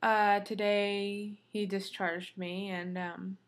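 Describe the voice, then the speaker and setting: A woman's voice: mid-range voice, level tone, takes it slowly, slight background noise. A woman vlogger chatting casually to her viewers, venting with lots of ums and you-knows. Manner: chatty, venting, many fillers.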